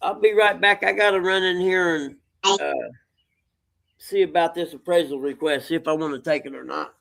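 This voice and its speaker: A man's voice: on the high side, moderate pace, gravelly, fairly bright tone. A man trading loose, joking banter as a co-host on a casual livestream.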